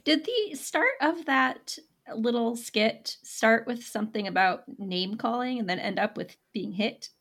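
Giggly higher-voiced woman guest. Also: lively intonation, unhurried, few pauses, fairly bright tone. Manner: giggly, laughs through her sentences. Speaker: podcast guest. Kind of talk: casual podcast chat.

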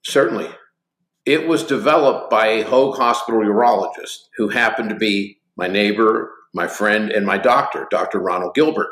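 Speaking at normal speed in a lowish, bright, forward voice, a 60-something company executive animates his interview with stories. He plays every part in the exchanges he recounts, and the recording has an echoey ring.

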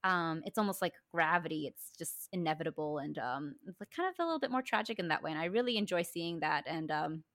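A woman's voice: sits low, quick pace, few pauses, a bit bright, no room sound, studio quality. A woman co-hosting a casual podcast, chatty and giggly with lots of fillers. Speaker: podcast co-host. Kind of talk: casual chat.

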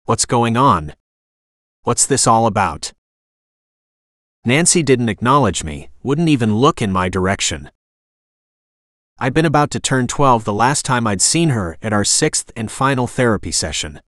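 Expressive man narrating an audiobook. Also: mid-range voice, normal speed, no echo, clean studio sound. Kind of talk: first-person audiobook narration.

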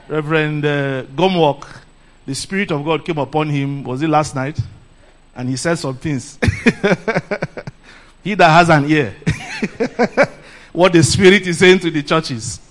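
A middle-aged man from Nigeria with a Nigerian accent, preaching a lively sermon and laughing often. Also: fairly high pitch. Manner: animated, laughs often, calls "Praise the Lord". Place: church camp meeting.

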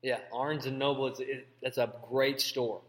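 A man co-hosting a comedic banter show, teasing in a dry, deadpan way. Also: mid-range voice, normal speed. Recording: long hall reverb.

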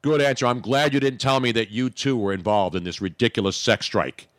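Philly guy running a radio show, animated and jokey, dry close mic. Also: medium pitch, fairly quick, no echo. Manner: animated, jokey, talks over co-host. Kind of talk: casual radio banter.

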